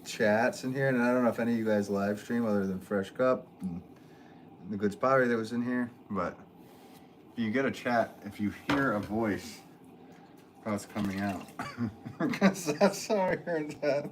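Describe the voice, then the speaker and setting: Brief: man with a lowish voice, a potter joking around with his live chat from the studio. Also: moderate pace, a little hiss or hum. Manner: playful, joking, answers chat. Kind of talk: casual livestream chat.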